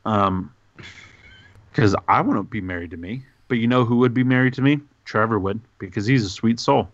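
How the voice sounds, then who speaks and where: A man co-hosting a gaming podcast, rambling excitedly and goofily in over-the-top praise. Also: lowish voice, normal speed, dry recording, dull audio. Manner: excitable, goofy, hyperbolic rambling. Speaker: podcast co-host. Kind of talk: casual podcast chat.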